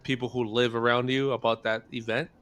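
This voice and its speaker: Guy hosting a chill podcast, smooth clear voice, kinda hesitant and thinking out loud. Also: mid-range voice, flat delivery. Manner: musing, hesitant, halting. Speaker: podcast host. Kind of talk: casual chat.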